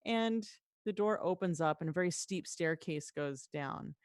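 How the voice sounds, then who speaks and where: Woman game master, lowish voice, lively narration, dry close mic. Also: no echo. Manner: lively, voices townsfolk in quick asides.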